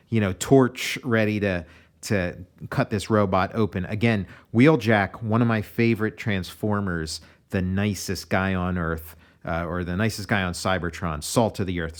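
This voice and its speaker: An American comic artist giving a relaxed, meandering commentary on his own pages, often restarting his sentences. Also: low voice. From United States.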